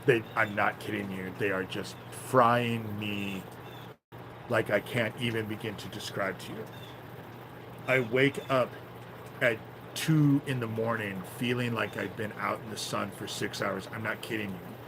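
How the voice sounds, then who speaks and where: A man talking on a phone livestream in a rambling, profane way that flares into angry shouting. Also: on the low side, steady tone, measured pace, gravelly, background noise. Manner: rambling, swears often, flares into shouting anger. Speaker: livestream host. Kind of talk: casual livestream talk.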